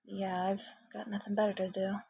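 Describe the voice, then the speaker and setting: A woman voicing a shy, brainy young male mutant turtle in a fan fiction reading, talking softly and modestly with hesitant pauses. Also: mid-range voice, fairly even intonation, vocal fry, slightly rough. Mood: shy, gentle.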